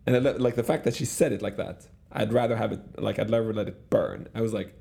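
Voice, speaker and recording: Gravelly, low-voiced middle-aged man. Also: quick pace, mellow. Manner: rambling, many restarts and fillers. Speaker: guest. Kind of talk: casual conversational storytelling.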